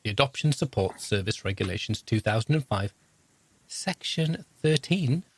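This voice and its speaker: A man's voice: mid-range voice, animated, moderate pace, husky, dry recording. A man, hosting a podcast in a casual, rambling, self-deprecating, jokey way. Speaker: podcast host. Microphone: podcast microphone.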